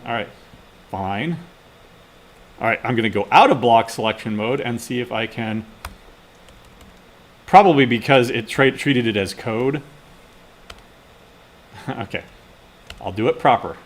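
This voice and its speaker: A man's voice: mid-range voice, a little slow, pauses often. Casual man teaching while typing. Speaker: instructor. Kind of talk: live coding lecture.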